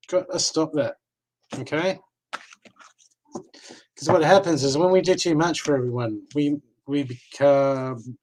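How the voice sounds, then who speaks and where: A man's voice: a little high, a little mellow, rough recording. An Australian man giving live card readings, talking casually and reassuringly, often checking in with "okay?". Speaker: card reader.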